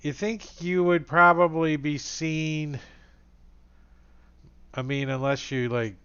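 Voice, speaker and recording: A man's voice: a little high, slow pace, fairly bright tone, clear, resonant tone, highs cut off. A man running a tabletop game as game master, talking casually and rambling with many fillers.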